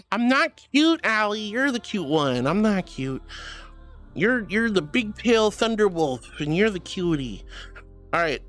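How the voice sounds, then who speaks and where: A woman's voice: mid-range voice, expressive, moderate pace, faint music behind. A woman streamer with a bubbly, giggly, affectionate manner, chatting casually and reading her chat aloud.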